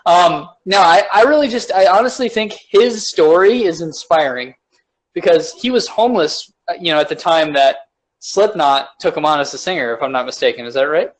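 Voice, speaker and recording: A young man co-hosting a podcast in a rambling casual chat, full of fillers and loud laughs. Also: a little high, expressive, moderate pace, rough recording. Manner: rambling, laughs loudly, lots of "like". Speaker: podcast co-host.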